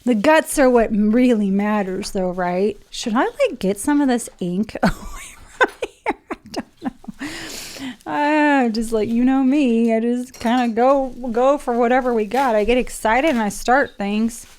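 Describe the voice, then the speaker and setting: A woman's voice: a little high, normal speed, few pauses, darkish tone, a little hiss or hum. A woman chatting casually through an unboxing, emotional and gushing, near tears at times. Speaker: vlogger.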